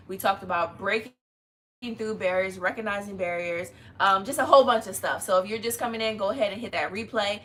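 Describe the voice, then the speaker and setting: A woman's voice: mid-range voice, sharp tone, a little hiss or hum. A woman hosting a casual family livestream, chatting and greeting viewers by name. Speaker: live stream host. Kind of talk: casual live chat.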